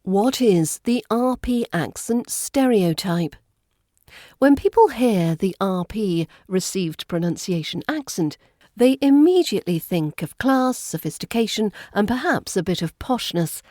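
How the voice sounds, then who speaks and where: Crisp British RP woman coaching accents. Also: medium pitch, lively intonation, a little slow, mellow, no room sound, clean studio sound. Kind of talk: scripted accent lesson narration. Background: background music.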